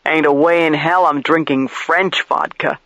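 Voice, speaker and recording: A man putting on a drunk, loud-mouthed cop, crude and spoiling for a fight, his voice pushed a little high. The audiobook read is dry and slightly muffled, with no room around it. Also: fairly even intonation, a little slow, vocal fry, dry recording, heavily acted. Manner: loud, crude, belligerent, swearing. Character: crude drunk middle-aged male police detective.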